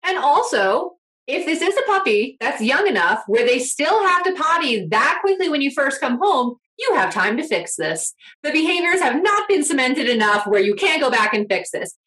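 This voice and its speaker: A woman co-hosting a dog-training podcast in casual, expressive chat. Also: sits high, normal speed, low-quality recording.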